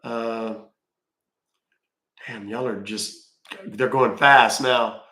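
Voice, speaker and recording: A man's voice: mid-range voice, fairly even intonation, very slow, sharp tone, roomy sound. A man hosting a live stream, chatting casually and joking as he reads viewer comments aloud. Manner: chatty, joking, talks to chat.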